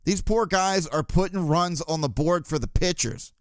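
A man's voice: a little high, moderate pace, smooth, dry recording, clean studio sound. A man hosting a casual sports podcast, blunt and swearing, with chuckling asides. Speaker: podcast host.

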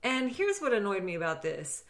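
A woman co-hosting a podcast in casual chat, talking in quick ironic asides. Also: mid-range voice, sing-song. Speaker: podcast co-host.

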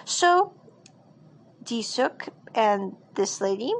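A woman's voice: a little high, sing-song, extremely slow, slight background noise, poor audio. Chatty woman recapping a drama episode. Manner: chatty, rambling with frequent fillers and restarts.

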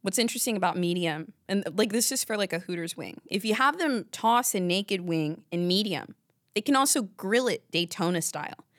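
A woman's voice: mid-range voice, moderate pace, dry recording. Chatty rambling woman podcast host, dry sound. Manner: rambling, animated storytelling with asides. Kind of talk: casual chat.

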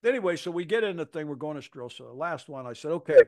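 A man's voice: fairly high pitch, expressive, fast. A man in his seventies, a football coach, telling a story on a podcast, acting out the quoted voices with salty language. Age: 70s.

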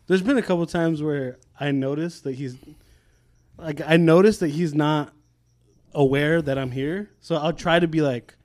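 A young man, a podcast co-host in casual chat, telling stories animatedly, acting out quotes loudly and laughing often. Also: on the high side, moderate pace, no room sound. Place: podcast studio.

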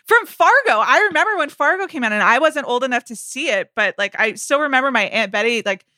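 A woman co-hosting a podcast in casual film chat, wry and teasing, jumping up into high mocking voices when she quotes people. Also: lively intonation, quick pace, pushed and bright, dry recording, clean studio sound. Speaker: podcast co-host.

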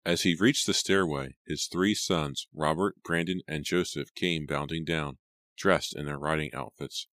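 A man reading an audiobook in a steady, measured storytelling manner. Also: rumbling low, no room sound, clean studio sound. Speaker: audiobook narrator. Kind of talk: scripted narration.

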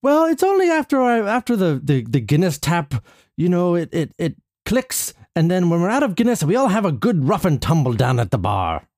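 Man doing a comic Irish brogue, higher than his own voice, lilting. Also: big pitch swings, normal speed, a little mellow, dry recording, clean studio sound. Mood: jolly.

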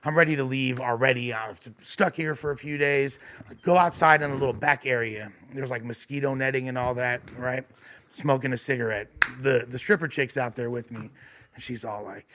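Guy on a podcast telling a wild story, swearing nonstop, lots of likes and ums, mid-pitch voice. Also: brisk. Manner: animated, swears a lot, many fillers and restarts. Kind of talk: casual profane storytelling.

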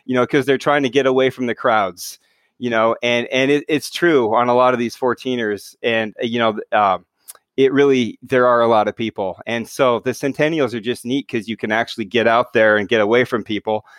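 A man's voice: medium pitch, fairly even intonation, fairly quick, a bit bright, no room sound. A middle-aged man talking casually as an interview guest, hesitant, with many fillers and restarts. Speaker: guest, mountain speed record holder.

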